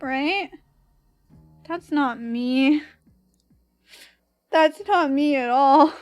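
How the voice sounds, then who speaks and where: A woman's voice: high-pitched, no room sound. A young woman with a Valley girl accent, chatting casually on stream while drawing, giggly and full of "like" fillers.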